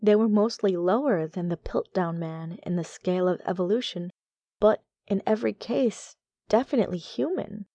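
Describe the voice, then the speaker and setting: A woman narrating a gothic horror tale as an audiobook, in a measured, deliberate reading. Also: mid-range voice, dark tone, dry recording, lo-fi sound.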